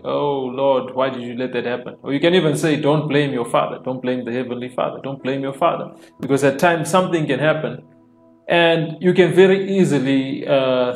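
A man preaching an informal online sermon, repeating phrases and dropping in frequent amens, slowing down to stress key lines. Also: medium pitch. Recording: echoey room with soft worship music.

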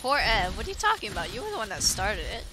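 A woman's voice: mid-range voice, big pitch swings, fast talker, background noise. A young woman casually chatting and giggling while livestreaming a game to her viewers. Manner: giggly, playful, talks to chat and friends. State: yawning. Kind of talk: casual gameplay chat.

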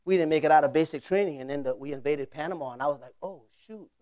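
Racing through a funny story in his sermon, a pastor in his forties keeps things conversational, laughing often and alternating between loud outbursts and hushed asides. His pitch is on the high side, with no room sound.

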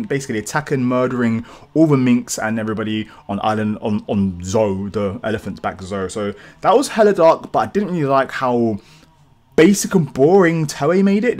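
Man, manga reaction host, excitable, rambling, swears casually, slightly sick, mid pitch. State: feeling sick, clearing throat. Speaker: channel host. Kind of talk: live manga reaction commentary.

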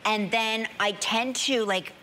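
A woman's voice: fairly high pitch, slow, bright, forceful tone, a little hiss or hum. A woman co-hosting a TV talk show, chatty and self-mocking as she jokes in a studio. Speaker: TV co-host. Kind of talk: playful live studio banter.

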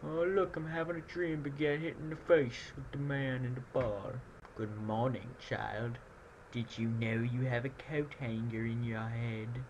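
A man giving jokey, excitable commentary while playing a video game. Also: medium pitch, a little slow, lo-fi sound. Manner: excitable, jokey, frequent outbursts. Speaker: gameplay commentator. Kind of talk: let's play commentary. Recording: loud background noise.

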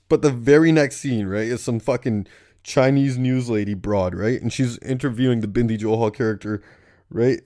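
A man's voice: mid-range voice, fairly quick, darkish tone, no room sound, studio quality. Ranting profane young man. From Surrey, British Columbia. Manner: profane, ranting, keeps asking "right?". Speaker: comedic movie reviewer. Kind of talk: profane comedic rant.

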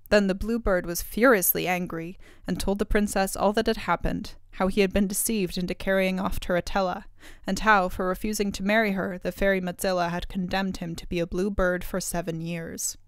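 A woman reading a classic fairy tale aloud in a measured, expressive way, close to the mic. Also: medium pitch, smooth, dry recording. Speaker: storyteller.

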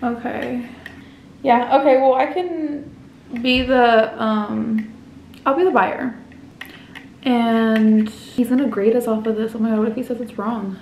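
A young woman in her twenties talks to her viewers in a loose, slangy vlog voice and swears freely. Her voice sits a little high. A faint hum of background noise runs under the handheld camera audio. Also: steady tone, unhurried, a little mellow, echoey room, low-quality recording. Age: 20s. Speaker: vlogger. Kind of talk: casual vlog chat. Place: at home and around a college campus.

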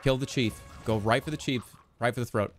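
A man streaming a strategy game, excitable and swearing, yelling commands at his units. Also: medium pitch, brisk, soft background music. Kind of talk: live gameplay commentary.

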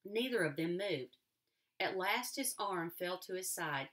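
A woman teacher reading a novel aloud to a class, expressive, with occasional restarts. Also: fairly low pitch, unhurried.

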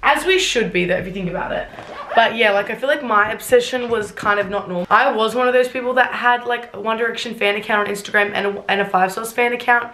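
A YouTuber in her twenties reacts bluntly and sarcastically on a casual vlog, swearing freely. Her voice is a little high, fast, pushed and bright, with a roomy echo in the recording.

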